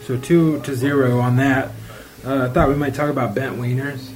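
A man's voice: mid-range voice, steady tone, moderate pace, darkish tone, low-quality recording. A man co-hosting a podcast in casual chat, rambling and playful, full of self-mocking jokes. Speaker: podcast co-host.

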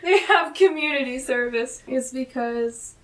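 Giggly woman co-host, slightly high. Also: measured pace, a bit bright, far from the mic. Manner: playful, giggly retelling. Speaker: podcast co-host. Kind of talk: casual recap chat.

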